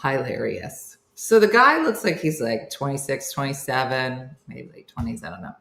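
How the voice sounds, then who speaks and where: A woman's voice: extremely low pitch, moderate pace, vocal fry. A woman hosting a comedy morning show, chatting casually with viewers, telling stories and acting out the voices of people in them. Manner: animated storytelling, acting out quoted voices, laughing; reads out viewer names, chatty. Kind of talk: casual livestream chat. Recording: roomy echo.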